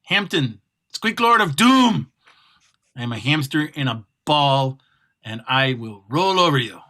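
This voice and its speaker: A man's voice: mid-range voice, lively intonation, measured pace, sharp tone. A man voicing a pompous male hamster warlord in a ball, making grandiose declarations as a tabletop game player.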